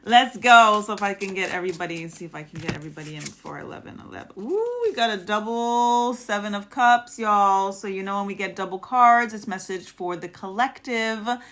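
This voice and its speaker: A woman's voice: medium pitch, expressive, fairly quick, hardly any pauses, a bit bright. A woman giving a casual, affectionate live tarot reading, spiritual and encouraging, with many restarts. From United States. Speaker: tarot reader.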